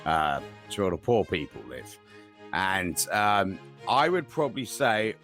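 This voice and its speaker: A man's voice: low-pitched, big pitch swings, a little slow, a bit bright, faint music behind. A man from Southwest London with a South London accent, co-hosting a podcast in playful, joking casual chat. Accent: South London English. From Southwest London, England. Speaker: podcast co-host.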